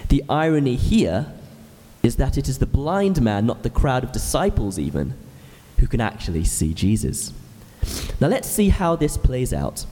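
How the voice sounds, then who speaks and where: A man's voice: mid-range voice, mellow, big-room sound. A man in his thirties, an ordinand, preaching a sermon in a church with earnest, explanatory storytelling. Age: 30s.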